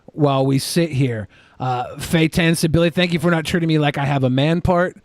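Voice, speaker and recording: A male podcast co-host reads out viewer donations and tosses off jokes between them. His voice sits a little high for a man and sounds dry and close to the mic. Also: normal speed, dry recording. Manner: offhand, joking. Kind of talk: reading donation messages on stream.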